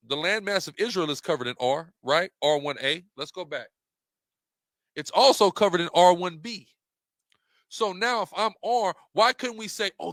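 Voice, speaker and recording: A man's voice: high-pitched, fairly bright tone, dry recording, clean studio sound. A man giving an impassioned, rhetorical monologue while walking through slides, repeating questions for emphasis. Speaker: religious debater presenting slides.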